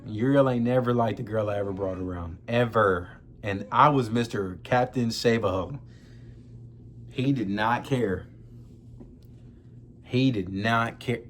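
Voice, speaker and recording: Speaking slowly with long pauses, a young man in a medium pitch shares an emotional personal story on his vlog. He's near tears, talking in relaxed slang and addressing the audience as y'all.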